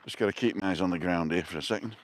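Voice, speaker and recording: Rapid-fire and low-voiced, a middle-aged vlogger with a Manchester accent chats through a casual walking vlog on a seaside walkway, full of asides. He's from North West England, and there's slight background noise.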